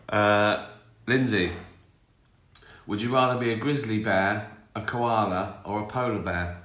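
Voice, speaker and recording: Man in his sixties, low voice, bright forceful tone, rambling live-stream chat, roomy echo. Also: steady tone, slow pace, long pauses, slight background noise. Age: 60s. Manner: rambling, self-mocking, chuckling. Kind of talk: casual chat answering viewer questions.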